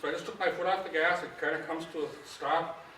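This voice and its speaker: A man with a slightly high voice spins folksy fishing tales to a club audience, bringing the quoted lines to life. He sounds far from the microphone in a very echoey meeting hall. A faint hum of room noise sits under his voice. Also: quick pace. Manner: folksy, animated, acts out quoted dialogue. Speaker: fishing guide giving a club talk. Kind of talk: casual storytelling to a club audience. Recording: echoey room, distant mic.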